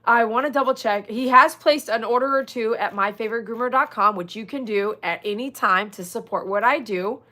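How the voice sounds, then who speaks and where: A woman's voice: on the high side, a little fast, hardly any pauses, bright, forceful tone. A middle-aged woman with a Texan accent, a dog groomer chatting casually with viewers on a livestream, joking and reading out the chat. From Texas. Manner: chatty, reads out chat, jokes and laughs.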